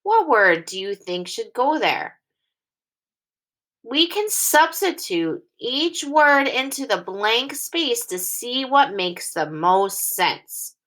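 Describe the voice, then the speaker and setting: A young woman teaching a recorded phonics lesson to small children. Her bright voice moves up and down a lot as she reads each sentence slowly and carefully, phrase by phrase. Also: fairly high pitch, sing-song. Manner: slow, clearly enunciated reading, sentences read aloud in phrases.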